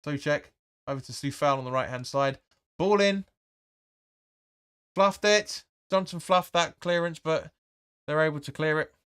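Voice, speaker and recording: A man's voice: on the high side, flat delivery, moderate pace, a bit bright, clear, resonant tone, no echo, clean studio sound. A man hosting a live match watch-along, giving blunt, opinionated commentary with swearing and reading viewer comments aloud. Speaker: fan channel host.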